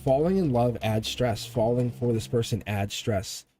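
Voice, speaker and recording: A man's voice: medium pitch, normal speed, warm tone, soft background music. Rambling man reading tarot live. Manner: rambling, chuckles often, talks to viewers. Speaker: livestream tarot reader. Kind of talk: casual livestream chat.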